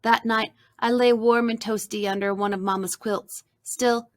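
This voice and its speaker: A woman reading a children's storybook aloud, narrating softly and expressively in the first person. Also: on the high side, steady tone, normal speed, no echo, studio quality.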